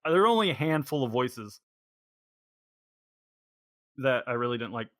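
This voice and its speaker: A man's voice: mid-range voice, animated, normal speed, a bit bright, no room sound. A man hosting a podcast in a casual chat, rambling and thinking aloud as he goes. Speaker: podcast host.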